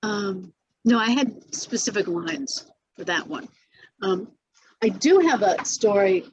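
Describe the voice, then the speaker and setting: A woman's voice: mid-range voice, animated, slow, highs cut off, slight background noise. An older woman being interviewed about her acting career, telling stories with many restarts, fillers and laughs. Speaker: actress interviewee. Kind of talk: casual interview recollection.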